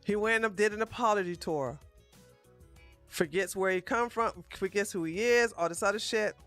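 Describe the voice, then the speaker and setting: A woman's voice: medium pitch, normal speed, fairly bright tone, soft background music. A woman hosting a live-stream political commentary show, ranting bluntly and with heavy profanity.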